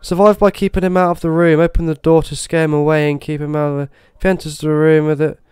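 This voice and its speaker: A young man playing a horror game, talking to himself and swearing, with sudden excited outbursts. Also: a little high, fast talker, smooth, no room sound. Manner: swears, talks to himself, swings between muttering and excited outbursts. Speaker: gaming YouTuber. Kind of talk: horror game let's play commentary.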